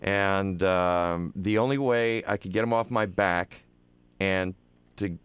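A man with a hoarse voice hosting a talk radio show, joking and animated. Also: low-pitched, takes it slowly, dry recording. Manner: jokey, animated. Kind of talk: casual radio banter. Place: radio studio.

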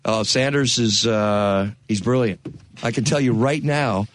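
A man's voice: on the low side, a little slow. A man hosting a radio talk show, chatting playfully with his guests and chuckling. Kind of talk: casual studio chat.

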